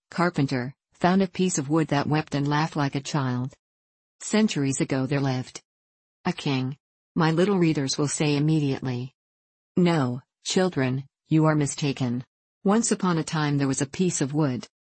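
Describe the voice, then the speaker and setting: Woman narrator, low voice, dry close recording. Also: darkish tone, husky, no room sound. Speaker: audiobook narrator. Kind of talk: storybook reading.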